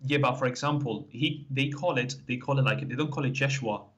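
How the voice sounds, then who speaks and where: A male caller in a call-in debate who sounds hesitant and apologetic and keeps asking the host to slow down. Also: mid-range voice, fairly bright tone. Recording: dull lo-fi call audio.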